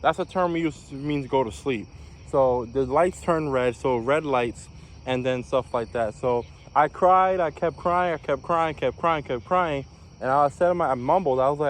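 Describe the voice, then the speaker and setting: A young man tells a personal story in a casual, rambling way, often repeating phrases. His voice sits a little high. He is recorded outdoors, with faint insects and outdoor noise behind him. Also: moderate pace. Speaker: vlogger.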